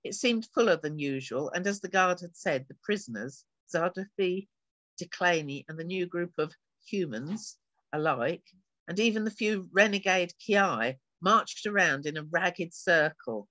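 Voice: mid-range voice, lively intonation, a little slow, sharp tone, dry recording, low-quality recording. An author reading an extract from her own science fiction novel aloud, giving the characters light changes of voice.

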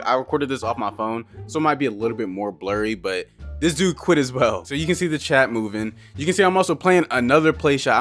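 A young man talks through his gameplay at a quick clip, loose and slangy, tossing in "bruh" every few lines. His voice sits at an ordinary middle pitch for a man, with faint music playing behind him. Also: fairly bright tone. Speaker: gaming YouTuber. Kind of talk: gameplay commentary.

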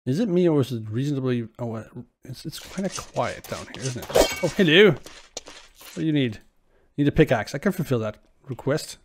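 Man, mid pitch, casual let's-play commentator, rambling and friendly with the game characters, faint hiss. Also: lively intonation, fairly quick. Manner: chatty, talks to game characters.

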